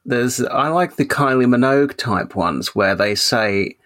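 A man's voice: medium pitch, lively intonation, unhurried, a bit bright. A man chatting on a podcast in a playful, joking way. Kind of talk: casual podcast chat.

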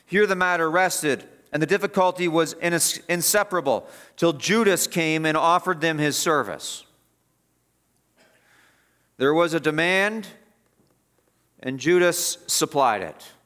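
A man's voice: on the high side, unhurried, pauses often, a bit bright. A man preaching an expository sermon as pastor, emphatic and repeating phrases for stress.

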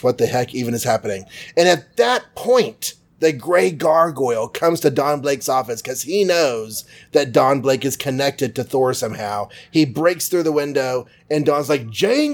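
A man hosting a podcast, recapping a comic book in a chatty, jokey way. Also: on the high side. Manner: chatty, jokey, full of fillers. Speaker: podcast host.

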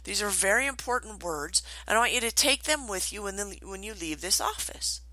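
A woman's voice: medium pitch, expressive, brisk, bright, forceful tone, no room sound, low-quality recording. A woman voicing a dry, matter-of-fact male therapist in a retold comedy skit. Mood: deadpan.

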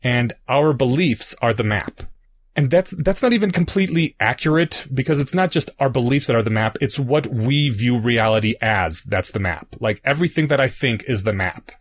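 A man of middling pitch co-hosts a casual podcast. He explains ideas patiently, building them up step by step through everyday analogies. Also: lively intonation, normal speed. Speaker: podcast co-host.

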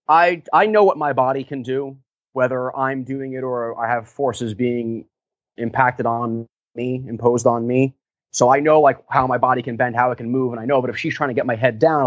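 A sports mascot with a medium-pitched male voice tells stories in a casual interview, captured on a dull lo-fi recording without echo. He rambles, laughing often and leaning on lots of fillers.

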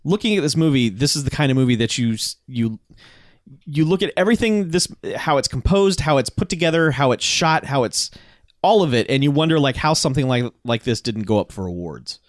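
Podcast co-host, male, mid-pitched, rambling and profane, dry close mic. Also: animated, fairly quick, no echo. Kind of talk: casual movie review chat.

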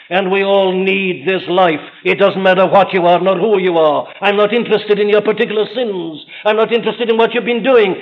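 Man, high-pitched pulpit preacher, fervent sermon delivery, dull old recording. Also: moderate pace, hardly any pauses. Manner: impassioned, rising and falling emphasis. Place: large church.

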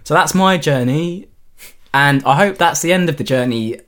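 Young man, halting chatty podcaster. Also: fairly high pitch, fairly bright tone. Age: young adult. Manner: halting, full of fillers and frequent laughs. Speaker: podcast co-host. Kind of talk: casual chat.

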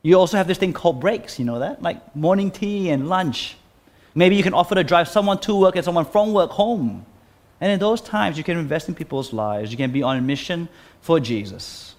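A man preaching a sermon and leading a closing prayer, earnest, pausing and restarting his phrases. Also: a little high, lively intonation.

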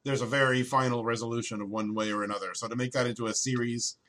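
A man's voice: medium pitch, fairly even intonation, fast talker, over a noisy crowd. A man chatting casually on a podcast, rambling and opinionated, with frequent restarts. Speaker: podcast co-host. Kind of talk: casual chat.

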